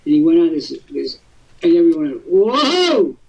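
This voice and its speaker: A man's voice: on the high side, flat delivery, a little fast, dark tone, recorded from a distance. An older man hosting a live webcast talk show, telling stories expansively with theatrical asides. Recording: husky voice from off-mic, muffled lo-fi audio.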